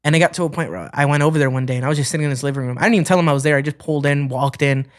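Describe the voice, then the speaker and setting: Racing along with a voice on the high side, a young Ohio musician shares stories in an interview. He's animated and performs the quoted dialogue himself.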